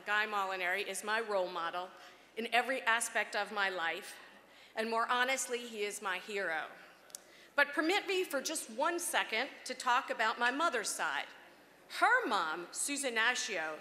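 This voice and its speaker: A woman's voice: fairly high pitch, sharp tone. A woman in her fifties giving an award acceptance speech at a gala, heartfelt, with frequent ums and restarts, on a podium microphone. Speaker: award honoree. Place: gala banquet hall. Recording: echoey hall with faint background noise.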